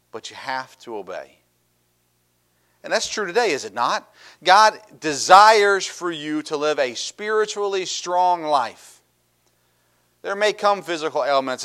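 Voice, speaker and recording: Chatty, animated male pastor preaching. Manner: conversational, with many fillers and restarts; acts out Bible voices and the people's complaints with bursts of pitch. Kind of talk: sermon.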